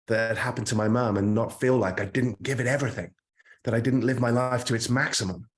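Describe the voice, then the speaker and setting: A man's voice: mid-range voice, a little mellow. Earnest British man coaching online. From United Kingdom. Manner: earnest, emphatic, repeats words when stressing a point. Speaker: career coach. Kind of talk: motivational online talk.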